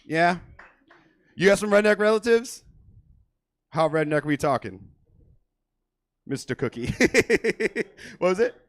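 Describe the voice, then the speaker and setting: A man doing crude stand-up comedy as the host of a comedy club show, hyping the crowd loudly. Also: high-pitched, animated, normal speed, pauses often, no room sound.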